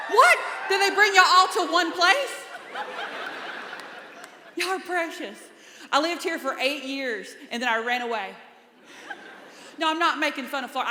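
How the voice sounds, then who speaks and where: A woman's voice: high voice, noisy background. A woman in her thirties from North Carolina with a Southern accent, doing a playful, self-mocking stand-up comedy set. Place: comedy club stage. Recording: roomy club with long reverb.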